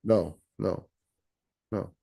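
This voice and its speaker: A man's voice: low-pitched, fairly even intonation, extremely slow, vocal fry, dark tone, slightly rough. A man who is a guest on a live stream explains things in casual talk, often repeating words and restarting his sentences. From Canada. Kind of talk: casual conversation.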